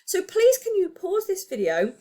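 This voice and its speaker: Lively high-voiced woman teacher. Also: normal speed. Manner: animated, emphatic explaining with rhetorical questions. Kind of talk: recorded lesson for pupils.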